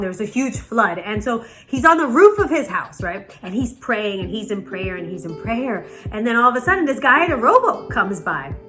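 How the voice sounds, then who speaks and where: A woman hosting a motivational spiritual talk, telling stories in an animated way and often asking "right?". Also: mid-range voice. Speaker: host.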